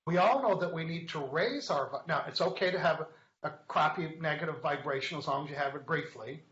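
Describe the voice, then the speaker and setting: A man's voice: on the high side, fairly quick, fairly bright tone. A man hosting a live online show, chatting casually, joking and reading viewer comments aloud as he teaches. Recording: echoey, dull lo-fi webcast sound.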